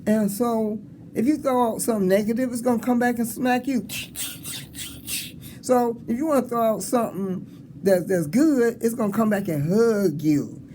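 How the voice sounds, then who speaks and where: A high-voiced man around sixty with a mellow, rounded tone, rambling cheerfully through encouraging stories to students. He acts out little conversations as he goes. A faint hiss of background noise sits under his voice. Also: normal speed. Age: 60s. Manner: rambling, encouraging, animated storytelling with chuckles. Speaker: motivational speaker. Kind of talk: casual motivational talk to students. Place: school hall with an audience.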